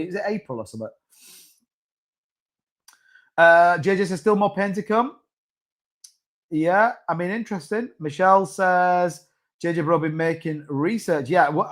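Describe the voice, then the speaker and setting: A man hosting a crypto livestream, talking casually and rambling with restarts and asides. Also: on the high side. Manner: rambling, chatty, with many restarts and asides to chat. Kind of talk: casual live-stream market commentary.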